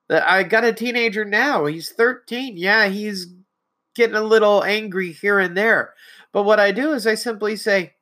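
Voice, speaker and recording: A middle-aged trans woman hosts a solo podcast about parenting, her medium-pitched, fairly bright voice measured and often pausing. She's conversational and reflective, restarting frequently and acting out quotes.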